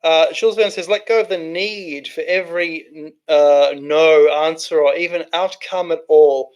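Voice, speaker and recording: A man with a slightly higher voice hosts a casual livestream. He reads viewer comments aloud and answers them in a loose, rambling way, often restarting his sentences. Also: steady tone, moderate pace, darkish tone. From Australia. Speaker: livestream host reading chat. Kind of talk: casual live chat.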